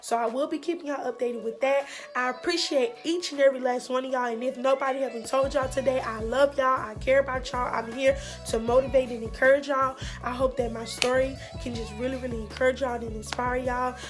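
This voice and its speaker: A woman's voice: high-pitched, steady tone, fairly quick, few pauses, over music. A young woman telling a heartfelt storytime vlog in an earnest, encouraging way, repeating phrases for emphasis. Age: young adult. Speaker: vlogger.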